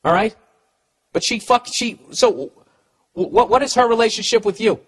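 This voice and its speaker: A man's voice: high voice, moderate pace, husky. A middle-aged man with a Boston accent hosting a podcast, giving comedic advice in a profane, ranting way with stammering restarts. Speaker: podcast host.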